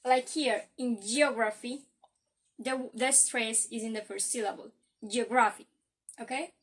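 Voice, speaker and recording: A young woman with a Colombian Spanish accent, giving a careful class presentation on word stress. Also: on the high side. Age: young adult. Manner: slow, careful, explanatory. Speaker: student presenter.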